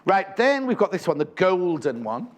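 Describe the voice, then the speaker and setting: A man's voice: high-pitched, big pitch swings, moderate pace. A man presenting craft kits on a live shopping channel, chatty and enthusiastic, rambling with frequent self-corrections.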